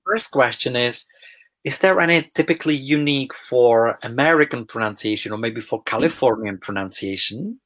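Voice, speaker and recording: A polite, encouraging man speaks English with a Czech accent as he interviews a guest. His voice is husky and sits mid-range. The recording is dry. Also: medium pitch, expressive, normal speed, fairly bright tone, no room sound. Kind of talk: interview questions.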